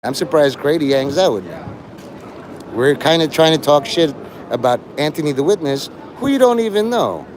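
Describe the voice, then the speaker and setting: A man's voice: on the high side, animated, normal speed, slight background noise. A man hosting a livestream, lecturing and taunting his chat like a mock teacher.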